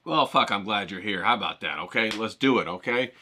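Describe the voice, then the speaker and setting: A man's voice: lowish voice, expressive, brisk, pushed and bright. A man hosting a casual drawing tutorial, hyped and rambling, coaching viewers and swearing casually as he talks. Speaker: art channel host.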